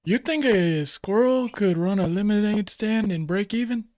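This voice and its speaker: A man's voice: fairly high pitch, lively intonation, takes it slowly, breathy edge, no room sound, exaggerated voice. A podcast host putting on the voice of a swaggering young male street tough, drawling slang and tacking "Holmes" onto his lines. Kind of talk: comedic put-on accent in podcast chat.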